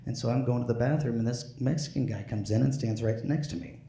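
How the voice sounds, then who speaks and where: Tipsy on stage, this comedian stumbles and restarts constantly, padding his bits with fillers. He has a dark, creaky mid-range voice carrying slight hiss or hum, heard in an echoey room with faint background ambience.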